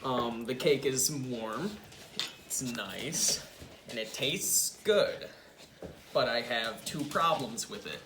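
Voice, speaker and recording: Slow, hesitant male judge. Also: medium pitch, animated. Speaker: judge on a home baking show. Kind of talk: casual judging chat. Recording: echoey room, noisy.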